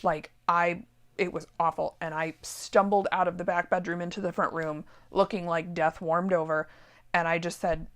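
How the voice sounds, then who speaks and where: A middle-aged woman who teaches sewing, telling a personal story in a chatty, animated way with many asides. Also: on the low side, moderate pace. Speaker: sewing teacher and shop owner. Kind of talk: casual storytelling vlog. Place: warehouse room.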